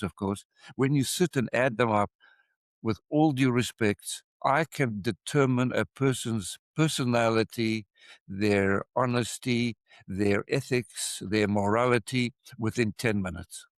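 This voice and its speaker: An older man with a South African accent, an expert witness talking in a measured, emphatic way and repeating points for stress. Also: mid-range voice, dry recording. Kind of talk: casual interview talk.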